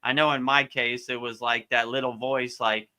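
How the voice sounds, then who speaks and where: A relaxed man, a spiritual teacher, answers questions live in an easygoing way, often repeating himself and filling pauses. His voice is bright and crisp, and it sits at an ordinary pitch. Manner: easygoing, repeats words, many fillers. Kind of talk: casual live Q&A advice.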